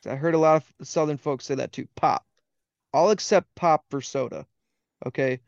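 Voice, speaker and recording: A man's voice: fairly high pitch, normal speed, creaky, no room sound, lo-fi sound. A young man from Wisconsin with an Upper Midwest accent, a laid-back podcast guest who laughs easily and acts out what people said to him. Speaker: podcast guest, hunting guide. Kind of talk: casual chat.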